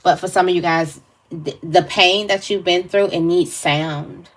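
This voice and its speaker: A woman's voice: lowish voice, fairly even intonation, a little slow. A woman giving a casual tarot reading to camera, thinking aloud with fillers and restarts. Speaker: tarot reader.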